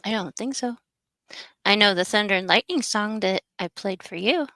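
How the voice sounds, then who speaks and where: A woman from Texas with a gravelly, fry-laced voice co-hosts a casual morning stream. She sounds relaxed and laughs easily, recorded dry and close. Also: mid-range voice, moderate pace, no room sound. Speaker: livestream co-host. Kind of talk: casual morning livestream chat.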